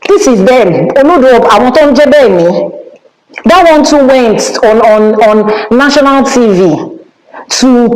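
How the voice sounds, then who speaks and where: A woman's voice: fairly high pitch, darkish tone, echoey room, low-quality recording. A Nigerian woman with a Nigerian accent, giving a spiritual teaching as an Ifá priestess in an emphatic, scolding manner and dropping in Yoruba phrases.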